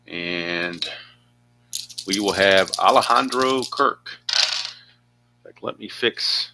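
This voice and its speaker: A man with a lowish, bright and forceful voice calls his tabletop baseball game play by play. He thinks aloud as he goes, chatty and prone to wandering into asides. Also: slow pace, gravelly, slight background noise. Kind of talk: play-by-play narration of a dice game.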